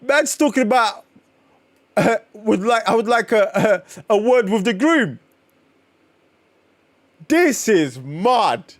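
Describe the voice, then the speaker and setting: Excitable man, lively voice. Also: high voice, slow, pauses often, dry recording. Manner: excitable, exclaiming, swearing, slangy. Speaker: comic book streamer. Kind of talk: live-stream comic reading and reaction.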